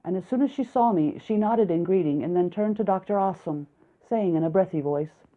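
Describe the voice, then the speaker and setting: A woman narrating a first-person audiobook in a steady, reflective storytelling manner. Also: lowish voice, brisk. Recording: narrow, phone-like lo-fi sound.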